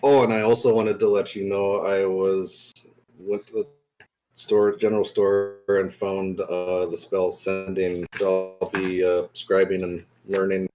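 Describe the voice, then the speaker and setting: A man speaking in character as a player in a tabletop game, halting with many fillers. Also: low voice, little pitch movement, mellow, soft background music. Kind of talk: in-character tabletop role-play.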